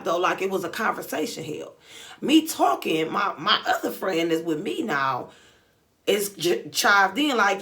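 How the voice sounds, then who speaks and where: A young woman vlogger telling a story in casual, animated, slangy chat, acting out the dialogue. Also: mid-range voice, normal speed. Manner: animated, slangy retelling with lots of quoted dialogue. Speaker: beauty vlogger.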